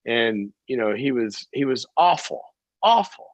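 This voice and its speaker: A man's voice: medium pitch, measured pace. A middle-aged man hosting a call-in advice show, telling stories and acting out the voices of the people in them. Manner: animated storytelling, acts out quoted voices. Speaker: talk show host and psychologist. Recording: dull dry close mic.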